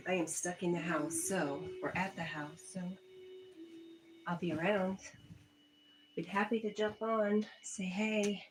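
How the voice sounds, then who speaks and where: A woman's voice: on the low side, fairly even intonation, slow pace, long pauses, background noise. A woman with a Southern US accent hosting a casual livestream, reading viewer comments aloud, laughing often and talking to her pet. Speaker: livestream host.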